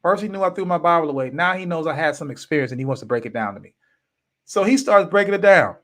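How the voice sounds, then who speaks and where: A man in his fifties, a podcast host, telling a personal story in an animated, emphatic way with casual slang. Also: on the high side, fast.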